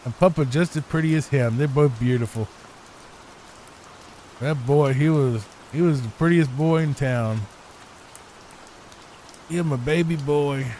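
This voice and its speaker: A man's voice: fairly high pitch, unhurried, long pauses, warm tone, slight background noise. A man giving improvised, rambling sleep-time commentary over gameplay at his home computer mic, often repeating himself. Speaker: gaming YouTuber. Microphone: desk microphone.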